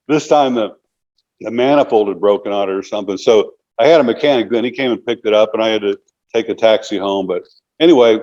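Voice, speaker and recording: A man's voice: on the low side, moderate pace, a little mellow, lo-fi sound. A man in his sixties, an interview guest telling long casual stories, rambling and filling them with "you know". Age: 60s.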